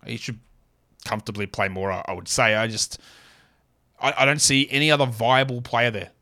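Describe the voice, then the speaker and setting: Casting male podcast host, mid pitch, opinionated, jokey asides, lively swings. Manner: opinionated, quick asides, self-deprecating jokes. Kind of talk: solo fantasy basketball podcast.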